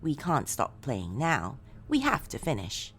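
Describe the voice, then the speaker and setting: A woman voicing a slow, taunting evil computer program. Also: very deep voice, huge pitch swings, a bit bright, full character voice. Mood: taunting menace. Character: sinister all-knowing male computer program.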